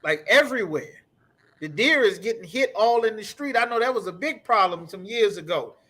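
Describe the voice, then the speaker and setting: A man's voice: high voice, lively intonation, moderate pace, sharp tone. A man teaching a scripture class, ranting in an emphatic, profane, repetitive way. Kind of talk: heated scripture breakdown.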